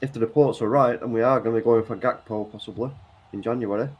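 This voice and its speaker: A man co-hosting a football watchalong, talking in a relaxed, hesitant way with plenty of fillers. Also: mid-range voice, fast talker. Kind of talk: casual live match chat.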